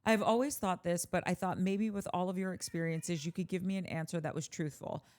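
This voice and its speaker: Brief: woman podcast co-host, lower-pitched voice, lively asides while reading fan comments. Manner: animated, quick asides between readings. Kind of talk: casual chat, reading listener comments aloud.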